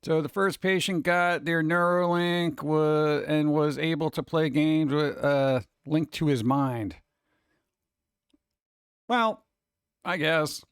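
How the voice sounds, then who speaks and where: A man's voice: fairly high pitch, steady tone, takes it slowly, smooth, no room sound, studio quality. A man streaming live, chatting casually with his chat and ranting with rhetorical questions.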